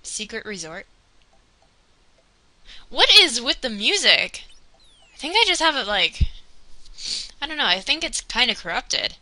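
Young woman, let's player, very bright, slightly high voice, chatty and excitable over game music. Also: measured pace, long pauses, rough recording. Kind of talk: casual gameplay commentary.

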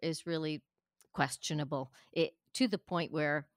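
A woman's voice: low voice, measured pace, no echo. An older woman trading casual chat with punchy stand-up comedy timing. She tells jokes in a dry, close-miked voice, slipping into the voices of the people in her stories. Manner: punchy joke delivery, acts out quoted voices. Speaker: comedian guest.

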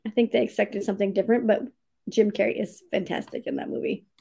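A woman's voice: medium pitch, steady tone, fast, gravelly, mellow, husky. A woman hosting a casual livestream writing sprint, cheerfully greeting viewers by name, reading their comments aloud and laughing often.

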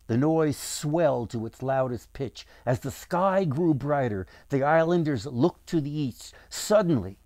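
Give me a man reading his storybook aloud, slow, with a lively, animated voice. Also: mid-range voice, no room sound. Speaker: author.

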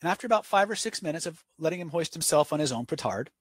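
A man with a husky voice leads a live online class, answering questions as they come in. He drifts easily into anecdotes to make his points. His voice sounds dry and close, with no room around it. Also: on the high side, lively intonation, fast, no room sound. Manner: answers viewer questions off the cuff. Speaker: webinar instructor. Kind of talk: live webinar teaching and Q&A.

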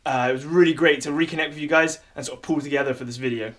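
A chatty man with a fairly high voice talks straight to his mum with easy, joking warmth. His delivery is casual and unscripted, like a home video message. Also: fairly even intonation, rapid-fire. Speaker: video maker thanking contributors.

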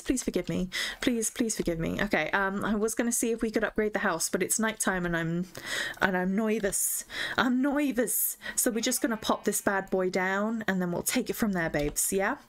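A young woman chats her way through a gaming session, gushing and chatty. She talks to herself and to the creatures she meets, squealing over cute things and musing over her choices. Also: mid-range voice. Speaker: gaming streamer. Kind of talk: casual gameplay chat.

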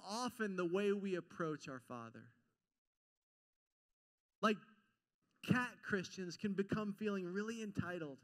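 A male pastor giving an informal, animated sermon to a congregation, acting out quotes and joking at his own expense. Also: sits high, a little slow, long pauses. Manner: animated and informal, acts out quotes, self-deprecating jokes. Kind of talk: conversational sermon. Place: church sanctuary before a congregation.

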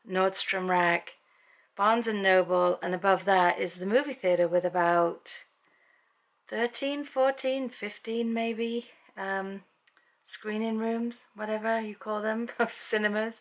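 This family vlogger, a British woman in middle age, takes it slowly with a medium-pitched, steady voice. It's an evening at home, and her casual vlog wanders through a long story peppered with ums.

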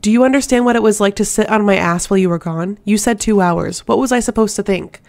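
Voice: mid-range voice, quick pace, vocal fry, darkish tone, close to an everyday voice. A reader doing an exasperated young warrior man. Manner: snapping, exasperated. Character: young warrior man, worried and short-tempered.

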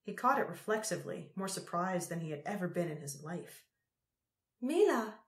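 A woman with a somewhat low, fairly bright voice narrates an audiobook at a measured, unhurried pace. Her recording carries a roomy echo.

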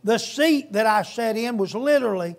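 Man, sermon, folksy storyteller, very high voice, gravelly. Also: lively intonation, moderate pace. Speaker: guest preacher.

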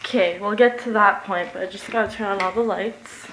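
A young woman giving a casual, giggly tour of her old basement, swearing freely and getting animated as she tells stories. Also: medium pitch, fairly quick, noisy background. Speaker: vlogger giving a house tour. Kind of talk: casual rambling vlog tour. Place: empty basement of an old house, indoors.

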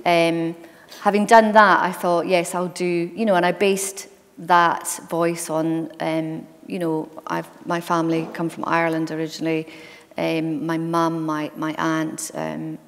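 A woman's voice: low-pitched, measured pace, gravelly, hardly any pauses. A woman author in an onstage library conversation, talking in a chatty, anecdotal way. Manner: chatty, anecdotal, lively asides. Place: library event hall. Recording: long reverb from a hall.

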